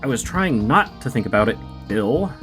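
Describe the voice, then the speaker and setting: A woman's voice: rumbling low, very animated, normal speed, soft background music. A streamer voicing a bitter, recently sacked female TV actress who talks in a weary, curt way.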